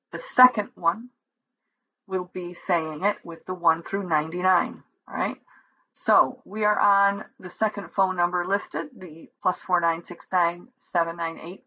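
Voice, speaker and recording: A woman teaching a language lesson, explaining patiently and reading numbers out slowly and deliberately. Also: fairly low pitch, bright, forceful tone, slightly rough. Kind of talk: slow instructional explanation. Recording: dull lo-fi recording.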